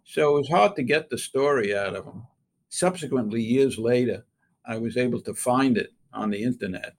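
A man's voice: medium pitch, moderate pace. Older man telling a wry anecdote. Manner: wry storyteller who acts out quoted voices. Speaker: interviewed scientist. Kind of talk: relaxed anecdotal storytelling.

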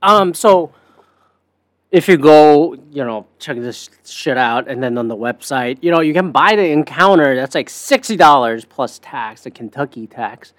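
A man's voice: fairly high pitch, expressive, measured pace, no echo. A man hosting a podcast, rambling through a sarcastic, profanity-laced casual monologue. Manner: rambling, sarcastic, swears a lot. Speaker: podcast host.

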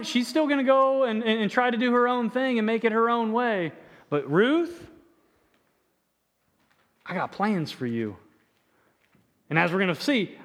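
High-voiced pastor preaching with stammered restarts. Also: male voice. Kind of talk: sermon.

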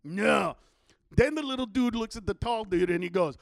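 A man's voice: sits high, moderate pace, gravelly, dry recording, clean studio sound. A man telling a long, profane story in casual chat, acting out the quotes.

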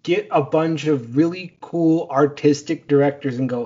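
A man with a fairly high, husky voice talks eagerly on a podcast. His ideas pour out in long run-on sentences, and the audio is muffled and lo-fi. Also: fairly even intonation, measured pace, few pauses, warm tone. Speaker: podcast co-host. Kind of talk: casual chat.

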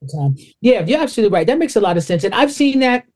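A man's voice: high voice, big pitch swings, fast, a little mellow. Candid man guest telling stories. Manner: candid, storytelling, salty language. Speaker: podcast guest. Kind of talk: casual interview chat.

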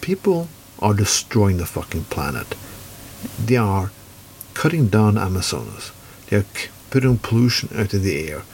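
A man's voice: fairly low pitch, sing-song, normal speed, darkish tone, a little hiss or hum. A man from Norway with a Norwegian accent, giving a furious political rant full of swearing. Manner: heavy swearing, furious and blunt.

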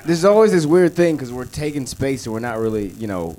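A man's voice: mid-range voice, animated, brisk, dark tone. A man in a casual panel chat who talks in a loose, slangy way. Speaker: sketch comedy cast member.

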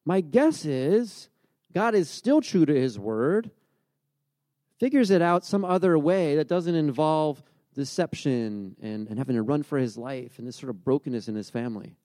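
Guy in his 40s preaching, chatty and loose, high voice, dry close sound. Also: lively intonation, moderate pace, mellow, no room sound. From grew up by the beach. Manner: conversational, storytelling with many restarts. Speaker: pastor. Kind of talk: sermon.

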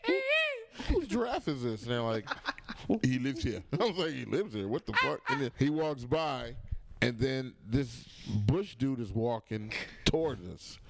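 A man's voice: medium pitch, measured pace. A man chatting casually as a podcast guest, telling stories with profanity and acting out the voices of the people in them. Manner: animated storyteller who acts out voices.

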